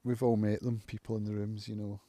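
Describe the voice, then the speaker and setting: A man hosting his own live stream from home, thinking aloud in a reflective, musing way with frequent pauses. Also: lowish voice, level tone, warm tone. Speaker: channel host, recovering alcoholic. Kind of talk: casual live-stream monologue.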